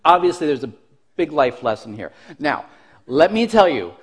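A male pastor with a high-pitched voice tells a story from the pulpit. His delivery is animated and self-mocking, and he often laughs as he talks. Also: normal speed, breathy edge. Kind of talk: storytelling sermon.

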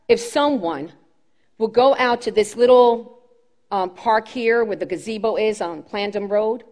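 Impassioned woman preaching a sermon. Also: on the high side. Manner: impassioned, rising and falling emphasis, repeats phrases.

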